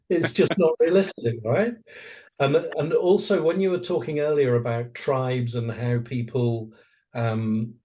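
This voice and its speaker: A man hosting an interview, animated and storytelling, who likes to act out what people say. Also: mid-range voice. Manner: animated storyteller, acts out quoted voices. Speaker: podcast host. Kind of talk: conversational interview.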